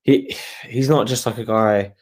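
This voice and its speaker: A young man, a guest fighter, chatting casually in a rambling, relaxed way on a video call. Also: lowish voice, unhurried. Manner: relaxed, rambling, laughs while telling stories. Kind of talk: casual interview chat.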